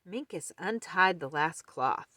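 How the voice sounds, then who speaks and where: Slow expressive woman reading a picture book. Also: fairly low pitch, dry recording, clean studio sound. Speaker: storyteller. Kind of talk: children's book read-aloud.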